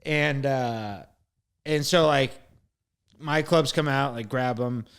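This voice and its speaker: A man's voice: medium pitch, slow pace, clear, resonant tone. A young man co-hosting a casual podcast, telling a long story with lots of swearing and acted-out dialogue. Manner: animated storyteller, swears freely, acts out exchanges. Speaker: podcast co-host.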